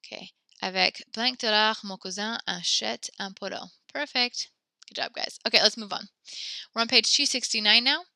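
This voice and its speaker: A woman teaches French to a class over a computer mic, encouraging her students and spelling out verb forms one at a time. Her voice is very bright and sits in the middle of the range for a woman. The sound is dry and close, with keyboard clicks now and then. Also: medium pitch, normal speed, creaky, dry recording. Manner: encouraging, praises students often; walks through conjugations step by step.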